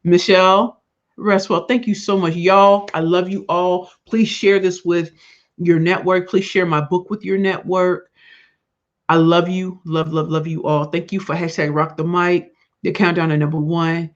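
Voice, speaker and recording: A man's voice: sits high, flat delivery, measured pace. A man hosting his own livestream show, thanking viewers with heartfelt emotion and reading their comments aloud while in pain from a swollen face. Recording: dull lo-fi livestream audio.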